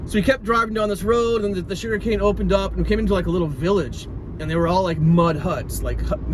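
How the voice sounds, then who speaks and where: A man telling a travel story casually while driving, rambling with frequent restarts. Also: fairly high pitch. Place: moving car. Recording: road noise in a car.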